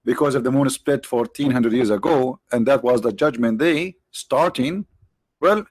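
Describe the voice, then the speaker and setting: A man with non-native English phrasing hosting a livestream, mocking his subject with rhetorical questions, his voice tired and his throat often cleared. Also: mid-range voice, moderate pace, dry recording. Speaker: livestream host. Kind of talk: mocking debate commentary.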